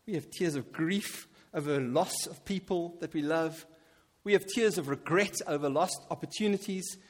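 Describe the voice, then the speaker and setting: A man preaching a sermon, animated and emphatic, with quiet asides between his peaks. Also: on the high side, normal speed. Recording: long hall reverb.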